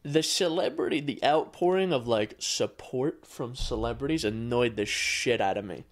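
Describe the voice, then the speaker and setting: A man's voice: medium pitch, normal speed. A man co-hosting a podcast in casual chat, ranting with dry exasperation and casual swearing. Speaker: podcast co-host.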